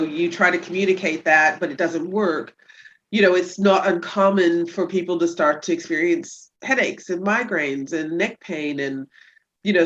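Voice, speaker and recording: A woman chiropractor talking about her patients as a guest on a casual podcast interview, telling stories with lively energy. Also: muffled recording. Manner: lively storyteller who acts out patients in high voices.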